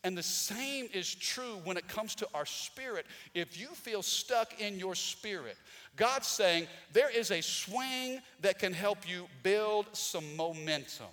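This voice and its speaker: A man's voice: high voice, animated, slow pace, pushed and bright, big-room sound. A man preaching a Sunday sermon as pastor, calling for responses from the congregation and rising to emphatic peaks. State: out of breath. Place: church sanctuary.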